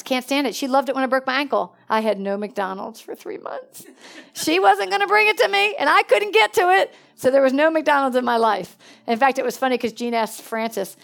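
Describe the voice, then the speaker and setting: Animated woman preacher telling stories. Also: sits high, normal speed, vocal fry. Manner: animated, swings between excited exclamations and hushed asides. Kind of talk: storytelling sermon.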